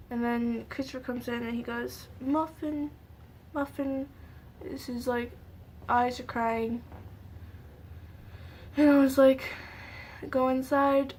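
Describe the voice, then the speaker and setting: A young woman recounts a painful memory to her camera, pausing often and leaning on fillers as she goes. Her voice sits fairly high but stays flat and narrow in pitch. A faint hiss runs under the recording. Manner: halting, tearful retelling with many fillers. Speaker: vlogger. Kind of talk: emotional storytime vlog.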